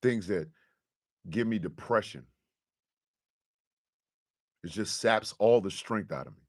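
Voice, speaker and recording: Speaking slowly in a fairly low voice, a man hosts his show and delivers an impassioned, profane monologue to his audience. He swings between quiet confession and loud outrage.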